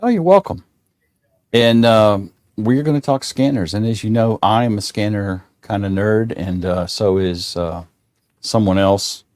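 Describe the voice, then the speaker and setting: A man's voice: fairly low pitch, unhurried, darkish tone, dry recording, studio quality. A middle-aged man hosting a casual livestream chat, folksy and joking, rambling with restarts. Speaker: show host.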